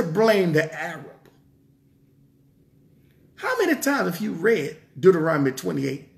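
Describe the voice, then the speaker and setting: A man's voice: a little high, expressive, slow, vocal fry, long pauses. A man preaching a sermon in an emphatic style, repeating rhetorical questions. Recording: roomy echo.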